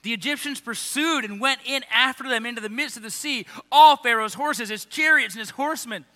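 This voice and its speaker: A man's voice: extremely high pitch, fairly quick, sharp tone, big-room sound. A man preaching a sermon, reading scripture aloud and breaking into casual, emphatic paraphrase.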